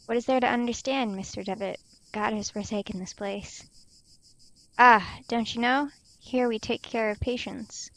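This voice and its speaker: A woman reading the lines of a gloomy male gravedigger who tends a graveyard beside a nursing home, in a plain, even read. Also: a little high, normal speed, dry recording, close to an everyday voice, low-quality recording.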